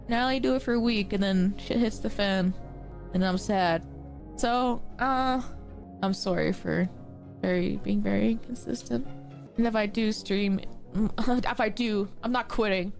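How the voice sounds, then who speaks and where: A woman's voice: medium pitch, vocal fry, darkish tone. A woman in her twenties, crying as she talks to her stream chat, self-deprecating and joking through tears. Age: 20s. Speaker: livestreamer. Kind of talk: emotional livestream talk to chat.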